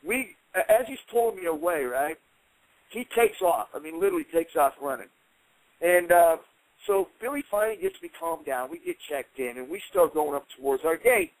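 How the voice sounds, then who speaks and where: A man with a fairly high voice tells a story in an interview, acting out the quotes with rising heat. The sound is dry and close, with no room echo. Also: moderate pace. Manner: animated, heated retelling with acted-out quotes. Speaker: interview guest, former fighter.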